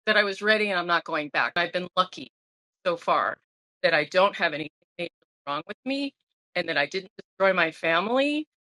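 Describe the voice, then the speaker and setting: Bright-voiced woman in her sixties. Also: on the low side, animated, a little fast, no echo, low-quality recording. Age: 60s. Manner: earnest, emotional, restarts often. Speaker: guest sharing her sobriety story. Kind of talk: candid conversational interview.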